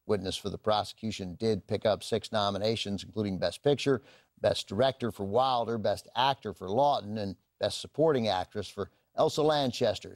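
A man hosting a classic film channel, giving a measured, scripted introduction to a film. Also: on the low side, darkish tone, no echo. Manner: measured, informative, lists titles.

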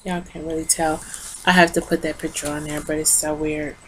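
A woman's voice: low voice, little pitch movement, a little fast, a bit bright, a little hiss or hum. A tired woman rambling through a casual lipstick review into her phone, talking straight to her viewers. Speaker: beauty vlogger.

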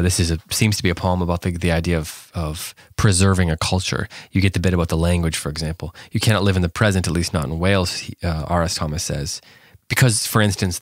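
A man's voice: low voice, no echo, studio quality. A man hosting a podcast, reading a poem aloud and talking it through in an earnest, thoughtful way. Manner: earnest, thoughtful, with frequent ums and restarts. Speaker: podcast host. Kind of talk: poetry reading and reflective commentary.

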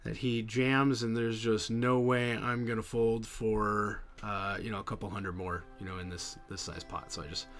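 A man giving voice-over commentary on his poker hands, halting and full of fillers. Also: fairly low pitch, level tone, a bit bright, faint music behind. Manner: halting, many fillers and restarts. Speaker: poker vlogger.

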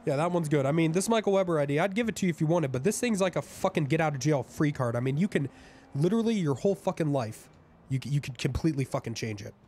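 A man's voice: fairly high pitch, animated, fast, darkish tone, husky. A man roleplaying a crook in a game, talking in a profane, rambling, conspiratorial way. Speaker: roleplay streamer playing a crook.

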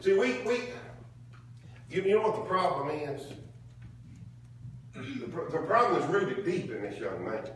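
A man preaches in a folksy, conversational style and keeps drawing call-and-response from the congregation. His voice sits a little high for a man. It is heard from a distance in a very echoey church, with faint noise underneath. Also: very animated, measured pace, pauses often, fairly bright tone. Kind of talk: sermon. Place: church sanctuary. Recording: echoey room from far off.

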